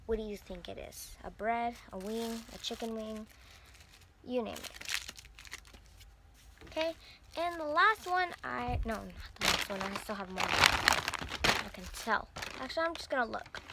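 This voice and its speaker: A young woman chatting casually as she unboxes squishy toys, gushing and breathy as she talks. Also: on the high side, expressive, measured pace, noisy background. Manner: gushing, breathy squeals over cute toys. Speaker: vlogger.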